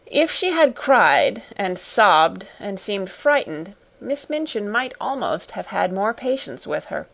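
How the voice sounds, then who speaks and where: A woman narrating a classic storybook audiobook in a measured, even manner. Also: medium pitch, gravelly.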